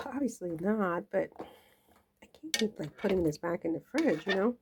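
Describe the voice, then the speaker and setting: In her home kitchen, a playful cooking vlogger rambles to the camera and chuckles at her own jokes. Her mid-range voice has lively intonation and she takes her time. The background is noisy.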